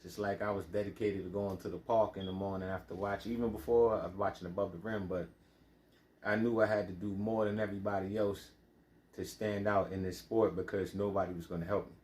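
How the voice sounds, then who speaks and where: Low-voiced New York man, echoey room. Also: steady tone, a little fast, a little mellow. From Bronx, New York. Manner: loose, rambling storytelling with many fillers. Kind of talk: casual monologue.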